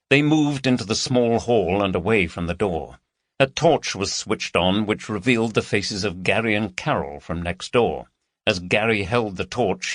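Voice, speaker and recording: Brief: male narrator, husky and gravelly, animated delivery, dry close mic. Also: fairly low pitch, dry recording. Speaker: audiobook narrator. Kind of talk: scripted narration.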